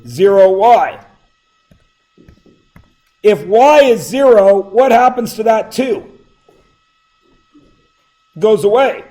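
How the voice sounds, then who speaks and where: A man's voice: high-pitched, lively intonation, drawn-out words, pauses often, warm tone, low-quality recording. A middle-aged man teaching math to a class, with a sore throat, asking the students question after question. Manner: questioning, prompts students for answers. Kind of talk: classroom lecture.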